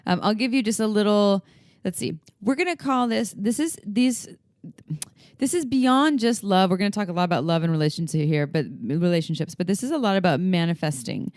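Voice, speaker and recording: A woman's voice: mid-range voice, animated, darkish tone, dry recording, studio quality. An enthusiastic woman co-hosting a podcast in upbeat, casual chat. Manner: enthusiastic, upbeat, quick to laugh. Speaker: podcast co-host.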